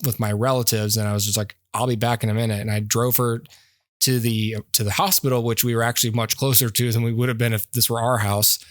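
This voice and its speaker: A man's voice: mid-range voice, flat delivery, fast talker, no echo, studio quality. A man, a podcast co-host, in casual chat, rambling through a story with restarts and frequent laughter.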